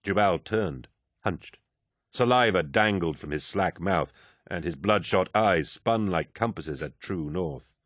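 A man narrating an audiobook in a measured, low-key storytelling manner. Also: lively intonation, fairly bright tone, no room sound, clean studio sound. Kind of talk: scripted narration.

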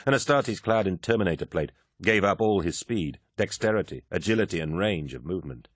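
A man narrating an audiobook in scripted, measured storytelling. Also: deep voice, expressive, husky, dry recording, studio quality.

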